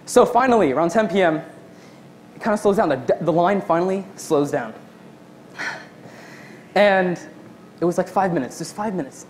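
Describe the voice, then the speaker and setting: Telling a lengthy story about work in his stand-up set, this young man plays every character himself, delivering their lines in his own voice. He has a high voice, with a slight hiss or hum on the recording.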